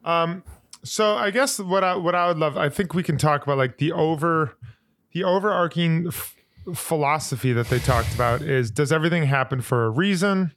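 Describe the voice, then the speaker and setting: A man's voice: on the high side, moderate pace, fairly bright tone, no room sound. A man co-hosting a podcast, animatedly recapping scenes in casual chat. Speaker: podcast co-host.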